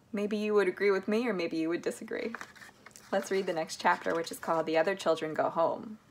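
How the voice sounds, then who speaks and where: A woman's voice: medium pitch, normal speed, slight background noise. A woman reading a children's book aloud, chatting between chapters in a friendly way and asking the listeners questions. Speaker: reader.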